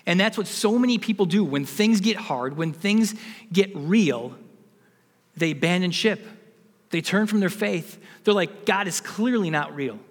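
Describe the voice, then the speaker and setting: A man's voice: on the high side, big-room sound. A man in his forties, a pastor giving a sermon, telling a personal story and building to emphatic preaching.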